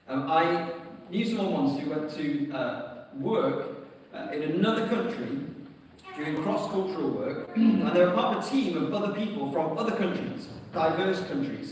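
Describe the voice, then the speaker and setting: A man's voice: high-pitched, a little hiss or hum. A man with a British accent preaching a sermon, telling stories with light humour. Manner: storytelling, lightly humorous. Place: large church hall. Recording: echoey hall from far off.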